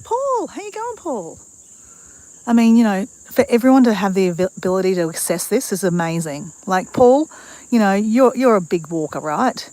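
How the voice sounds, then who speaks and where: A woman's voice: medium pitch, animated, fairly quick, dark tone, dry recording, rough recording. Chatty woman live-streaming outdoors. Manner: bubbly, chatty, laughs often. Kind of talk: casual live-stream vlog. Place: outdoor boardwalk in bushland.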